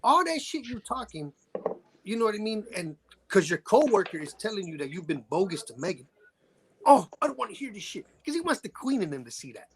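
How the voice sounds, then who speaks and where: A man's voice: high-pitched, very animated, a little fast, slight background noise. A man from Chicago guesting on a podcast, telling stories in blunt, profane casual chat.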